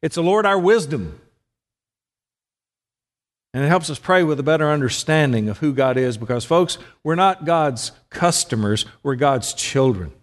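A man's voice: on the high side, lively intonation, normal speed. Man preaching in an echoing hall. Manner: conversational, asks the audience questions. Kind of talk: sermon.

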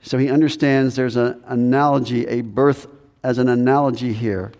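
A man preaching a sermon as pastor, earnest and full of rhetorical questions, his voice rising high when he plays a reluctant believer. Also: steady tone, normal speed, a little mellow. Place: church sanctuary. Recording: long hall reverb.

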